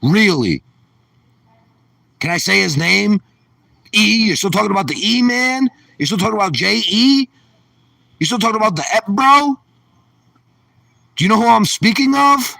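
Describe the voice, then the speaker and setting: A man putting on a whiny, incredulous older male politician in a shrill, exaggerated voice. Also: lively intonation, normal speed, gravelly, pauses often, pushed and bright, no echo, far from the mic, heavily acted. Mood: mocking incredulous.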